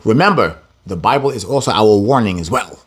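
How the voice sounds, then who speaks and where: A man's voice: lowish voice, a little fast, slightly rough. A man teaching an informal scripture lesson, reading verses and retelling them in slang, laughing often. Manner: animated, slangy, laughs often, reads verses then paraphrases. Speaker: Bible teacher.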